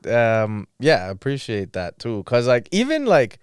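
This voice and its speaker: A young man hosts a podcast in relaxed, slang-filled conversation, laughing easily between points. His voice is smooth and clear, and it sounds close and dry with no room around it. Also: mid-range voice, unhurried, dry recording. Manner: laid-back, slangy, laughs often. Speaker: podcast host. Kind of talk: casual chat.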